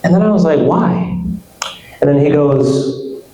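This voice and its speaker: A young man from West Africa performs a stand-up set in a club. His voice sits a little high and swings widely as he acts out people and laughs along with the crowd. The sound carries a clear room echo. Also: unhurried. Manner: animated, acts out voices, laughs at own jokes. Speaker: stand-up comedian. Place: comedy club stage.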